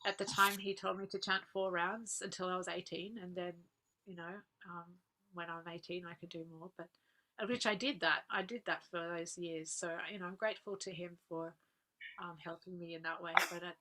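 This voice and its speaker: A woman, earnestly recalling personal memories as a guest speaker, laughing softly now and then. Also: on the low side, fairly even intonation, brisk. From Australia. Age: 40s. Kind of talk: personal reminiscence talk.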